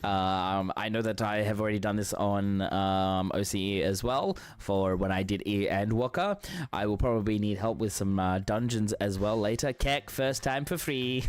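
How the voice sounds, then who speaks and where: A man streams a game live, chatting in a friendly, encouraging way while rambling through lots of ums and restarts. His voice is on the low side and a little slow, with faint music in the background.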